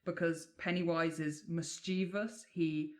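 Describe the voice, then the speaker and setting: A woman's voice: lowish voice, steady tone, measured pace, a little mellow. A woman from England, a podcast co-host telling folklore tales in a chatty way with casual swearing and many fillers.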